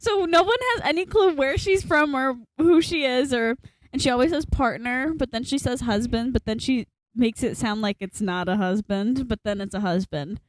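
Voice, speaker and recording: A woman's voice: fairly high pitch, normal speed, few pauses, no echo. Rambling young woman telling a story. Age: young adult. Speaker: podcast co-host. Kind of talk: casual chat.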